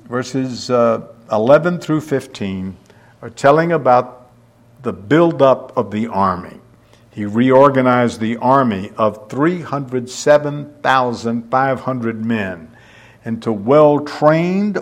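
Male preacher, slow, deliberate verse-by-verse teaching. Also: mid-range voice. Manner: slow, deliberate, reading verses aloud with fillers. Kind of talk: expository Bible teaching.

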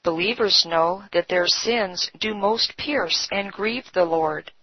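Slow, husky woman reading devotionals. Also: mid-range voice, dry recording. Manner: slow, solemn, measured delivery. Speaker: devotional reader. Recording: dull, dry lo-fi recording.

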